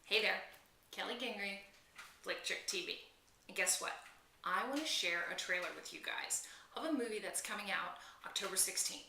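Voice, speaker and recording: A woman hosting her own film vlog, gushing in an animated, chatty way to the camera. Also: medium pitch, moderate pace, reverberant, distant mic, very noisy. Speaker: film vlogger host. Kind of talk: excited casual film chat to camera.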